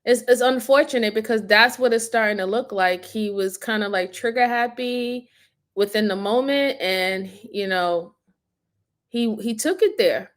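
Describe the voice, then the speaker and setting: A woman's voice: medium pitch, moderate pace. A woman hosting, giving blunt, incredulous live commentary. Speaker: host.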